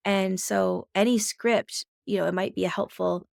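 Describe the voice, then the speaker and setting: A woman's voice: mid-range voice, steady tone, normal speed, gravelly, no echo, clean studio sound. A woman co-hosting a parenting podcast in casual conversation, talking in a reflective way and thinking aloud with many fillers.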